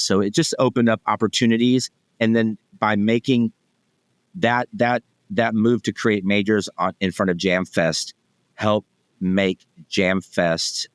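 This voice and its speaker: Man, 40s, low voice, upbeat interview guest, dry close sound, talkative with restarts. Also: no room sound. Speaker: podcast guest, event executive. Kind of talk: casual interview chat.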